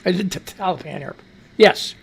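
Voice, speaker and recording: A man's voice: sits high, brisk, gravelly, slightly rough. A middle-aged American man hosting a live radio news show, rambling and profane, talking back to himself as he reads the news. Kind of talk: casual live-stream news commentary.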